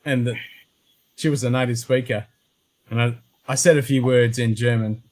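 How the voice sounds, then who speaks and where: A man's voice: medium pitch, fairly even intonation, moderate pace, darkish tone. Sweary Australian man telling stories. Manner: blunt and sweary, laughing storyteller. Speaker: host of a whisky show. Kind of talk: casual chat on a live stream.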